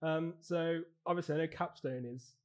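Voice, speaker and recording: A man's voice: fairly high pitch, moderate pace, darkish tone. A man with a Birmingham accent chatting casually and laughing easily.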